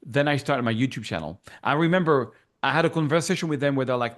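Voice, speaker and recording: A man's voice: mid-range voice, lively intonation, fast, few pauses. A man with a French accent, a guest in a casual interview, telling his story with animation and acting out remembered dialogue. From France.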